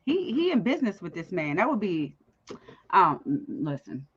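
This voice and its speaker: Lively woman on dull lo-fi audio. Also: on the low side, moderate pace, breathy edge. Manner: blunt, joking asides. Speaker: co-host of a TV recap show. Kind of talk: casual recap chat.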